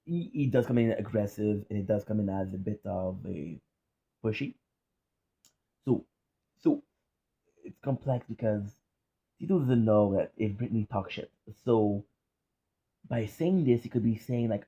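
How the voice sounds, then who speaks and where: A man's voice: lowish voice, normal speed, warm tone, slightly rough. A man hosting a reaction video, giving casual, candid, profane commentary with lots of restarts and fillers.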